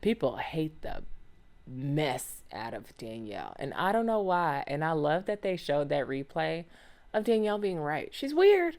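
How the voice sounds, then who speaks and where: Low, sing-song, and unhurried, with a darkish tone, this woman runs a podcast on her own. Her talk is slangy and conversational, lively and packed with exclamations and rhetorical questions.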